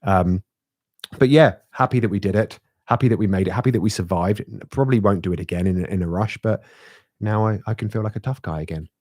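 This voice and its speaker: A middle-aged man, co-hosting a podcast and telling an animated story with laughs and swearing. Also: lowish voice, fast talker, no echo, clean studio sound. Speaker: podcast co-host. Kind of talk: casual chat, storytelling.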